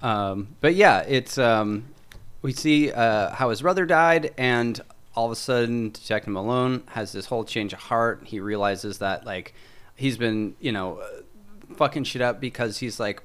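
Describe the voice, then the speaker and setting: A man's voice: mid-range voice, normal speed, fairly bright tone, clear, resonant tone. A man casually recapping a TV episode, rambling with lots of fillers and acting out the characters' lines. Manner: rambling, many fillers and acted-out quotes. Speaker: podcast host.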